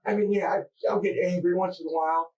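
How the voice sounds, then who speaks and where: A man confessing under police interrogation, halting and distressed, stammering through restarts. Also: high-pitched, steady tone, a little mellow. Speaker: murder suspect under interrogation. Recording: distant mic in interrogation room.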